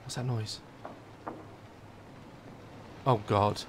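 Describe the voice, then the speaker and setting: A man's voice: mid-range voice, wildly swooping pitch, slow pace, pauses often, fairly bright tone, slight background noise. A young man commentating a horror game, joking nervously and breaking into sudden screams. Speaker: gaming YouTuber.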